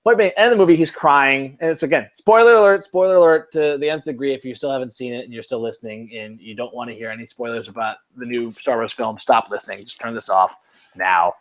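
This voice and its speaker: A man's voice: mid-range voice, fast talker. A man from Cleveland hosting a podcast, chatting casually in a rambling, self-mocking way and laughing often. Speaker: podcast host.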